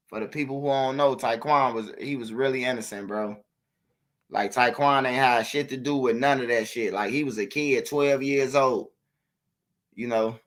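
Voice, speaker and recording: A man telling a street story to his viewers in a casual, slangy, profane way, talking straight at them. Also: medium pitch. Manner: animated, slangy, profane, addresses viewers directly, imitates gunshots. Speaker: street news commentator.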